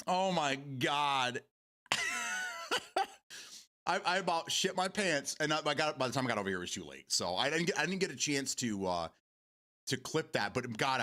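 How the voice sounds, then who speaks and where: Male host, casual home gaming talk show. Bright, animated voice. Rambling, profane and quick to laugh. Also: a little high. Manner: rambling, restarts often, swears freely, laughs a lot.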